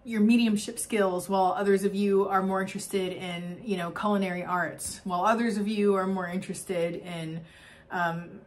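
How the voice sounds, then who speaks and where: Young woman doing an oracle card reading, gushy and rambly, keeps laughing, normal pitch. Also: moderate pace. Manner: effusive, rambling, with frequent laughs and fillers. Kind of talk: spiritual card reading monologue.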